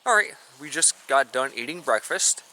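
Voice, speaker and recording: Man, casual hiking vlog, bright forceful voice, faint outdoor ambience. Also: medium pitch, moderate pace, a little hiss or hum. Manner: relaxed, rambling, many uh fillers. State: stuffed up from allergies. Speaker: vlogger. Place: outdoor campsite in woods.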